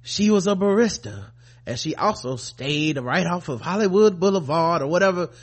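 Profane, animated male podcast co-host. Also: a little high, moderate pace. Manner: profane, animated, mock-outraged. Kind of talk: casual comedic rant.

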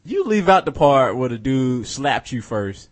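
A man's voice: medium pitch, very animated, measured pace. A man co-hosting a casual comedy chat, laid-back and slipping into joking put-on voices. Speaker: podcast co-host.

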